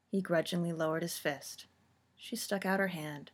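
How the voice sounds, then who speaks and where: A woman narrating a story with a steady, expressive reading. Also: lowish voice, moderate pace.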